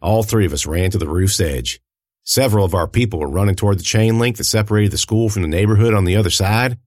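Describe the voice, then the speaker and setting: A man narrating a first-person audiobook in an expressive, lively storytelling manner. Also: fairly low pitch, fast talker, dry recording, clean studio sound.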